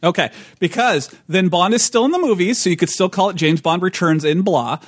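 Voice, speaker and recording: A man's voice: sits high, a little fast, no echo, studio quality. A man co-hosting a tabletop gaming podcast, chatting casually, rambling with restarts and laughing often. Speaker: podcast co-host. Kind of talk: casual chat.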